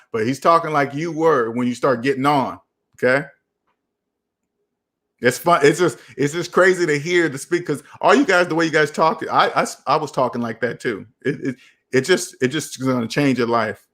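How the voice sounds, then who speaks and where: A young man hosting a casual live chat about personal finance, talking in an animated, preachy and repetitive way. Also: mid-range voice, normal speed. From United States. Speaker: finance channel host.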